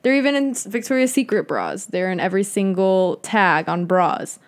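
A woman's voice: medium pitch, animated, normal speed. A young woman talking casually to camera in a chatty, conspiratorial monologue with slangy asides.

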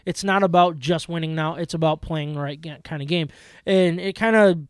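A man in his thirties co-hosting a casual sports podcast, telling stories excitably with quick restarts and laughs. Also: fairly high pitch, smooth, dry recording, studio quality. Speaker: podcast co-host.

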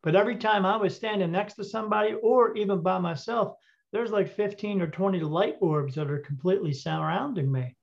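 A man telling a story as an interview guest, animated and acting out the dialogue, with frequent fillers. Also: high voice, fairly quick, gravelly. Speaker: interview guest, intuitive reader. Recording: dull lo-fi audio.

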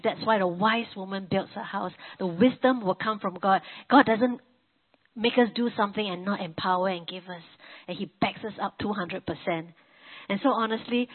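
Woman preaching over a tinny, phone-like line. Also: mid-range voice. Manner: conversational, with frequent "you know" and restarts. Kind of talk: testimony-style sermon. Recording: narrow phone-like sound.

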